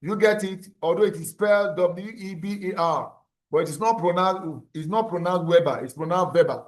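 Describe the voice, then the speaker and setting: A man lecturing a class, his voice sitting high for a man. He works through ideas step by step, repeating terms and asking if the students are following. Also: moderate pace. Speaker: university lecturer.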